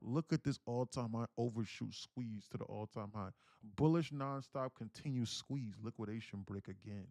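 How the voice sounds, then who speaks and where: A man's voice: medium pitch, moderate pace, no room sound, studio quality. A man hosting a live day-trading stream in casual chat, telling stories and acting out the voices of the people he quotes. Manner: animated storyteller who acts out quoted voices.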